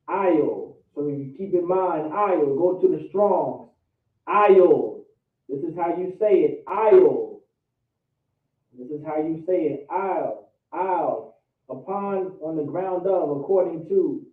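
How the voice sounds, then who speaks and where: Man drilling words on a tinny echoey line. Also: on the high side. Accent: American. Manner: drills words by repeating them over and over. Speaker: class teacher. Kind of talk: teaching vocabulary and pronunciation. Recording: tinny, echoey, distant call audio.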